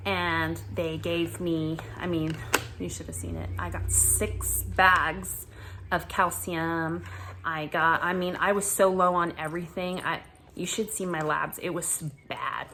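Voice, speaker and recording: A woman vlogging casually about her own recent ordeal, animated and exasperated, breaking into laughter often. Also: on the low side, slight background noise. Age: adult with children. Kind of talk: casual storytelling vlog.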